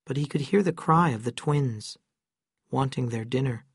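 A man reading a novel aloud in calm, measured scripted narration. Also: mid-range voice, gravelly, husky, no echo, clean studio sound. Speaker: audiobook narrator.

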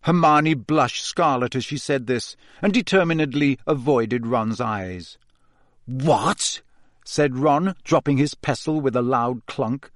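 A man's voice: medium pitch, unhurried, few pauses, no echo. Man narrating a storybook, close and dry. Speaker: audiobook narrator.

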